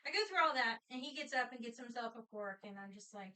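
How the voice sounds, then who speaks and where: A woman's voice: fairly high pitch, expressive, quick pace, bright, forceful tone. A woman joining a livestream, telling a teasing story with exasperation. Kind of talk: casual livestream chat. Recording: voice picked up from a distance.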